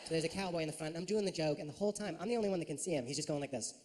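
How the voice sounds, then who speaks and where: Man doing animated stand-up in a club. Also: very fast. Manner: animated storytelling with big pitch swings. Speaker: stand-up comedian. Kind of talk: stand-up routine. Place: comedy club stage before a live audience. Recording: reverberant club hall with audience noise.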